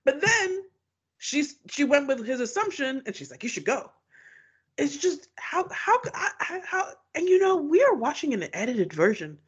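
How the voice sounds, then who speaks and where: A woman's voice: high-pitched, sing-song, normal speed. A woman co-hosting a podcast in casual chat, talking in an exasperated way and searching for words. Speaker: podcast co-host.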